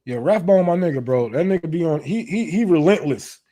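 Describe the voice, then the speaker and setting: A man's voice: fairly high pitch, expressive, a little fast, dark tone. Loose, profane man chatting on a livestream. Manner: loose, profane, laughing often. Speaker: livestream host. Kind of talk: casual livestream chat.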